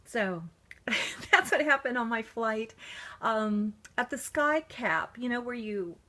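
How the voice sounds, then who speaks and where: A chatty woman vlogger telling a story to the camera, her somewhat high voice swinging widely up and down. She laughs often and drops into soft cooing asides as she dresses a doll. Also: animated, takes it slowly.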